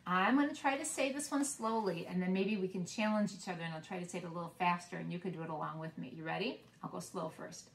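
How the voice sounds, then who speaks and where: A woman teaching preschoolers, reading nursery rhymes aloud in a gentle, encouraging way and inviting the children to join in. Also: on the low side, fast talker, few pauses, distant mic. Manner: gentle, encouraging, talks to kids as if they were listening. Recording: roomy sound from away from the mic.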